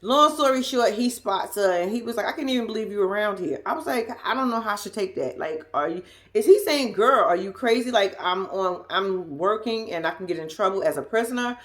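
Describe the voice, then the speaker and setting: A woman's voice: medium pitch, lively intonation, a little fast, hardly any pauses, a bit bright. A woman with a Southern US accent giving a blunt, sassy, laughing casual commentary as a vlogger. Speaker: reality TV recap vlogger.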